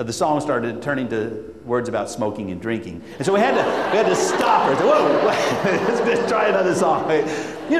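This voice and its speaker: Speaking to educators in a big, echoey hall with long reverb, a lively male school administrator tells stories, acts out quotes, and leads the crowd in call-and-response chants. His voice runs on the high side, and a little hiss or hum is audible.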